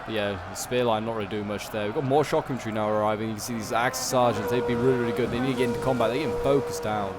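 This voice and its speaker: Yorkshire guy rambling through a strategy battle, lots of ums, game noise loud underneath. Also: on the low side, fairly even intonation, racing, hardly any pauses. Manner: rambling, lots of "like" and "um", self-correcting. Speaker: game channel host. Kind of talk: casual gameplay commentary.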